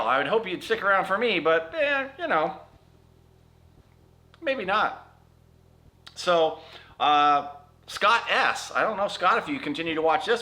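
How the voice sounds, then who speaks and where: A man's voice: on the high side, bright, forceful tone. A middle-aged man chatting casually in a vlog, answering viewer comments and explaining things in a rambling, self-correcting way.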